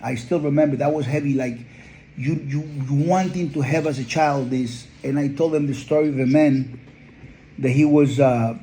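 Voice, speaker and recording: A man's voice: mid-range voice, fairly even intonation, moderate pace, mellow, a little hiss or hum, rough recording. A man, a dog breeder, telling heartfelt stories in an earnest, conversational interview. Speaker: pit bull breeder.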